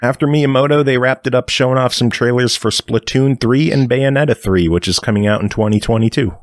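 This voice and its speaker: A man's voice: mid-range voice, no room sound, clean studio sound. Man reading gaming news on a podcast. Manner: brisk news rundown with fillers and swearing. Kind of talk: casual podcast chat.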